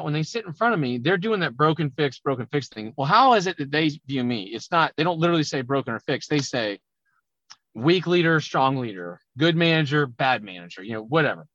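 A man talking loudly and emphatically as a business coach in a conversational podcast interview. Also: fairly high pitch, dry recording, highs cut off. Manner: loud, emphatic, animated talker. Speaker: auto repair business coach.

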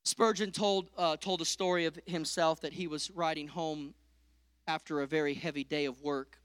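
A middle-aged man preaching a sermon, swinging from loud peaks to hushed lines and calling out to the congregation. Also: a little high, steady tone, normal speed, clean tone, no echo, studio quality. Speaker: pastor.

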